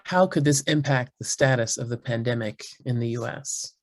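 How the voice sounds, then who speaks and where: A man's voice: medium pitch, normal speed. A man moderating a webinar, thanking the guest and reading audience questions. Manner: reads out questions plainly.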